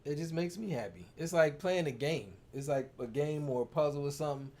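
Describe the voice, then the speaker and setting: A man's voice: fairly high pitch, fairly quick, darkish tone. A man chatting casually and playfully as co-host, telling stories and acting out quotes. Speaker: co-host, partner of the coach. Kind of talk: casual chat.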